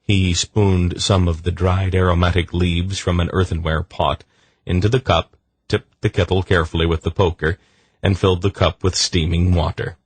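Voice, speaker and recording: A man narrating an audiobook in a measured, deliberate reading. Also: low voice, little pitch movement, breathy edge. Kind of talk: scripted narration.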